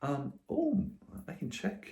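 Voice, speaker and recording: A young man vlogging to camera in a rambling, sweary way, swinging between hushed and loud. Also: on the high side, sing-song, slow pace.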